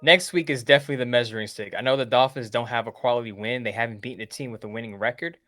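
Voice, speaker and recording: Male sports writer guest, bright crisp voice, methodical, dry close sound. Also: medium pitch, racing, no echo. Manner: methodical, lays out lists of teams and plans. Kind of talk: casual sports talk.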